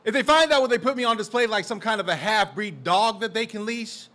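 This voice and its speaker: A man from Portland, Oregon performing a defiant, profane spoken word poem at an open mic, his voice building to shouted lines. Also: sits high, brisk. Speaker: performing poet. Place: live open mic in a community center.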